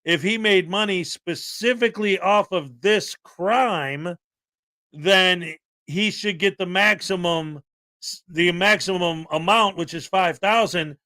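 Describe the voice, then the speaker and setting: A man's voice: sits high, slow, bright, forceful tone, no echo. A man co-hosting a casual commentary show, explaining a court case in an opinionated, conversational way. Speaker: co-host.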